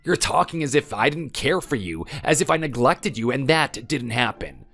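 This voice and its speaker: A man plays a defensive husband in a texting-story drama. His mid-range voice rises and falls animatedly as he justifies himself and pleads. Soft music plays behind him. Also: medium pitch, expressive, normal speed. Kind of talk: text-message story dramatization.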